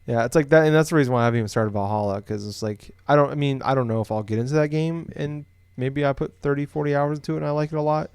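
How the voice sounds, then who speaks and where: Speaking very fast and barely pausing, this young Des Moines, Iowa native co-hosts a laid-back podcast, full of fillers and false starts as he rambles. His voice sits at medium pitch and sounds smooth and slightly mellow, with no echo in the recording.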